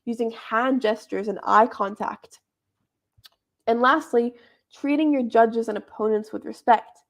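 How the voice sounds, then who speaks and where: A young woman heading a debate club workshop talks through judging criteria in a relaxed, chatty teaching style. She speaks a little high and without hurrying.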